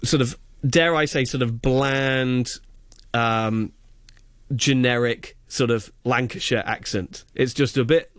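A man's voice: medium pitch, fairly even intonation, slow, a bit bright, no room sound, studio quality. A man chatting on radio as a film reviewer, enthusiastic and rambling, with many fillers and restarts. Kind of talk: casual radio chat.

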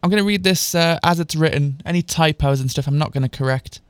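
A man's voice: on the high side, quick pace, clean tone, dry recording. A man reading fan fiction aloud in a mocking, dramatic way, breaking off with sarcastic asides. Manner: mocking, exaggerated dialogue voices. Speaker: comedic reader of fan fiction.

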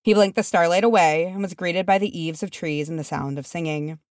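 A woman reading a fan fiction chapter aloud as narrator, measured and steady. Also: on the low side, dry recording, studio quality. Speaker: audiobook reader.

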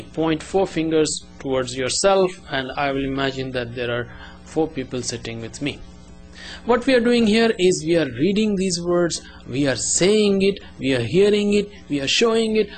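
A man teaching a language lesson, explaining step by step and drilling words slowly with repetition. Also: a little high.

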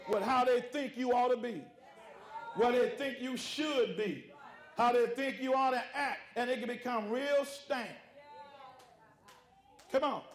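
A man preaching a sermon, calling out to his congregation, with rhythmic repetition and informal vernacular speech. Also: very high voice. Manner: preaching with call-outs to the congregation. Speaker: pastor.

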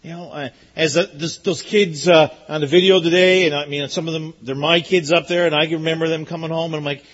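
A man's voice: a little high, steady tone, a little fast, few pauses, a bit bright, highs cut off. A man preaching a sermon in an earnest, emphatic way, often repeating his points. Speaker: pastor.

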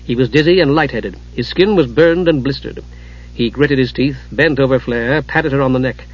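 A man narrating a fantasy audiobook in a steady, dramatic reading, on a dull lo-fi recording. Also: medium pitch, moderate pace.

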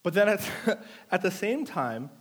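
A man's voice: high voice, a little slow. A male pastor preaching a sermon in a playful way, teasing the congregation and drawing people up front to take part. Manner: animated storytelling with audience participation.

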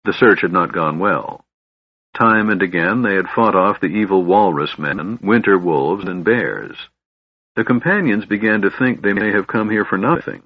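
Male fantasy narrator: low, husky, lively reading, lo-fi dry sound. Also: dry recording. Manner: expressive storytelling. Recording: dull, dry lo-fi recording.

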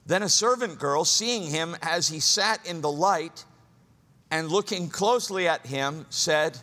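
A man preaching a sermon, swinging from loud, high exclamations to hushed, low asides. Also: a little slow, in a large hall. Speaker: pastor.

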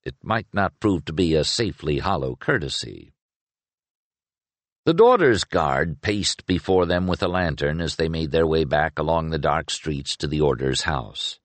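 A man narrating an audiobook in a measured storytelling manner. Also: a bass voice, lively intonation, dry recording. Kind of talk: scripted narration.

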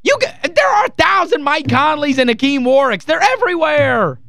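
A sports radio host with a very high-pitched voice, worked up and exasperated, stacking repeated phrases on top of each other as he rants. The studio sound is close and dry, with no room around him. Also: big pitch swings, moderate pace, gravelly, bright, forceful tone, no echo. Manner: heated, exasperated, emphatic ranting. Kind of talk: call-in sports talk rant.

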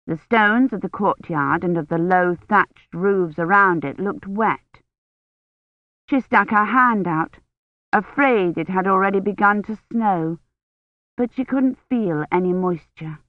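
A woman narrates an audiobook in a steady, even storytelling voice. The sound is tinny and phone-like, with no room echo at all. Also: medium pitch, a little slow. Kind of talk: scripted narration.

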